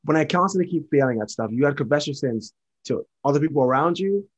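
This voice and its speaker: A man's voice: on the high side, expressive. A man sharing his faith testimony as a podcast guest, earnest and repetitive. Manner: earnest, repetitive, fast-talking.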